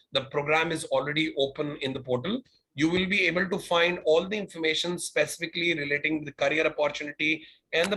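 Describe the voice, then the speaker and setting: A man's voice: on the high side, pushed and bright, rough recording. A man speaking as a college representative in an online open house. He answers applicants' questions and fills his explanations with "uh" and "you know". He is heard over a video call. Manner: explanatory, with frequent fillers. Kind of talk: webinar Q&A.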